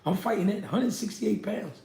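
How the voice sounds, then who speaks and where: A young man, a former pro boxer, telling his story in a casual, animated, profane way. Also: high-pitched, a little fast, creaky. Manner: animated, profane street talk with many "you know what I mean". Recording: echoey room.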